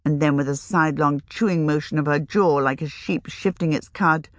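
A woman reading a novel aloud in a calm, measured storytelling manner. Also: deep voice, no room sound. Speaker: narrator. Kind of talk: audiobook narration.

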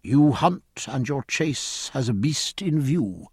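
A man reading an audiobook, voicing a measured, dry-witted grown man who talks in wry, reasoned phrases. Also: lively intonation, husky, no room sound, heavily acted. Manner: measured, wry, lower-pitched delivery. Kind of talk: audiobook character voice.

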